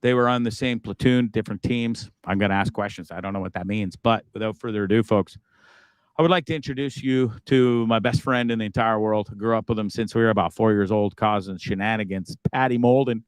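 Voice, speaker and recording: A man's voice: fairly low pitch, fairly quick, smooth, no echo. A man hosting a live show, talking casually with a profane, rambling manner. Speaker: host.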